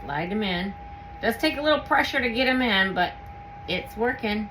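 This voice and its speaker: A woman hosting a home canning video, chatting casually through a how-to demonstration in her kitchen and gushing with excitement as she works. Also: a little high, moderate pace, a little hiss or hum, rough recording. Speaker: home canning channel host.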